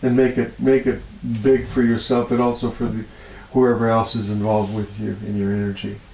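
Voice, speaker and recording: Talking at normal speed in a creaky voice, a healer guest tells stories in an interview, vivid and feeling, with frequent laughter and a voice that goes high when moved. The rough recording is echoey with slight background noise.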